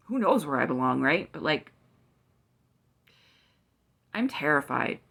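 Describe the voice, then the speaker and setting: A woman's voice: sits low, vocal fry, a bit bright. Indignant, profane woman in her forties. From Canada. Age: 40s. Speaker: vlogger. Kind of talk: heated political rant to camera.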